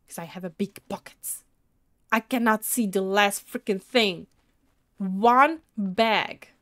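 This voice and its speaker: A woman giving casual let's-play commentary, talking to herself excitably and throwing in mild mock swearing as she plays. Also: on the high side. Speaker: gaming video creator.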